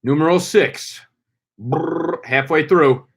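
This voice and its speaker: A young man hosting a casual live stream, loud and playful, hyping up names with slang and swearing. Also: a little high, slow pace, slightly rough. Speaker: fantasy football streamer.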